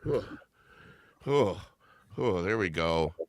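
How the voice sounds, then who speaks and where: A man's voice: low voice, expressive, slow pace. A man hosting a live music stream, singing blues and rock covers over guitar, then chatting loosely with a guest. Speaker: host.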